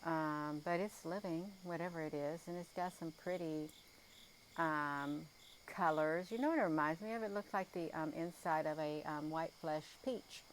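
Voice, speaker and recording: A low-pitched woman talks casually and sleepily to her live viewers, drifting through her thoughts with frequent ums and a folksy "you all". She is outdoors at night, with faint crickets and hiss behind her. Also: moderate pace, rough recording. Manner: rambling, full of ums and uhs. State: tired, yawning. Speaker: livestream host. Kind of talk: casual live sky-watching chat.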